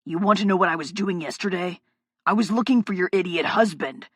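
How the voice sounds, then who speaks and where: Woman playing a hot-tempered male fed, curt, cussing, husky, low, audiobook, dead-dry sound. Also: brisk, fairly bright tone, no echo. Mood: angry. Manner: curt, swearing, mutters darkly. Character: gruff, hot-tempered male FBI agent. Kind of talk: audiobook character voice.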